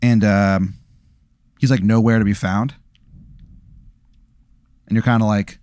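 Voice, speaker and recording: A man's voice: fairly low pitch, fairly even intonation, slow, pauses often, a little mellow, smooth, no room sound, studio quality. Man narrating a tabletop game, full of fillers. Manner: rambling with many fillers, relishes gory detail. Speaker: game master.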